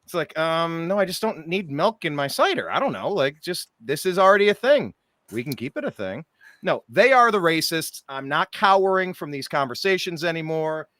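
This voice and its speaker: A male talk show host with a lively voice that swoops up and down, sitting a little high for a man. He sounds exasperated and mocking in casual chat. The sound is dry and close. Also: normal speed, dry recording. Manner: animated, exasperated, mocking asides.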